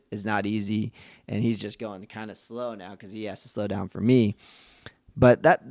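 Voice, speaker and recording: A man's voice: on the low side, creaky, a little mellow, no room sound, studio quality. A man hosting a podcast, talking earnestly and conversationally about fatherhood, often restarting his sentences. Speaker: podcast host. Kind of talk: casual reflective monologue.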